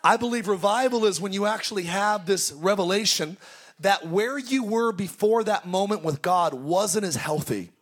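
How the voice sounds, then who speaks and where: Man, pastor, high voice, sermon at a church service, storytelling, shouted exclamations. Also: moderate pace, breathy edge.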